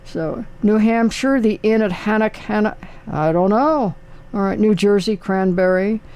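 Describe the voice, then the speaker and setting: A man's voice: high-pitched, measured pace, a little mellow, clean tone, lo-fi sound. An older man hosting a casual talk show, rambling and chatty with lots of fillers. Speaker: radio host. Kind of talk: casual chat.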